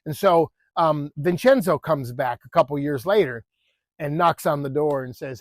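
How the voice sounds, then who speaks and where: A man's voice: fairly high pitch, normal speed, dry recording. A man casually telling a story with a moral, chatty, with many fillers and asides to the listener.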